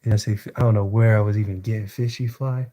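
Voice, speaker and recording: A man with a mellow, relaxed, rather low voice talks fast while hosting a casual live stream, chatting with viewers and reading a novel aloud. He laughs easily and stumbles over longer words.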